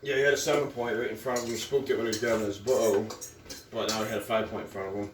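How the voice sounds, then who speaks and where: Fast, offhand man, mid voice, heard at a distance in a roomy room. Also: fairly low pitch, level tone. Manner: quick, offhand storytelling. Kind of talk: casual chat. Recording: roomy, distant, noisy table recording.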